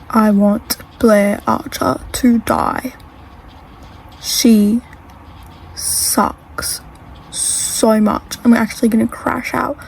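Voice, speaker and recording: A woman's voice: a little high, vocal fry, a little hiss or hum, low-quality recording. A teenage girl chatting casually in a reading vlog, gushing and dramatic about a book. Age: teens. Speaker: reading vlogger.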